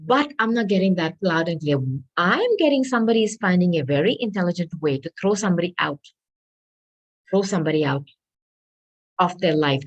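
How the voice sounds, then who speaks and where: A woman tarot reader talking her way through a reading, repeating herself and adding hedging asides, clearing her throat as she loses her voice. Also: fairly low pitch, expressive, brisk, pauses often, dull audio. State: losing her voice.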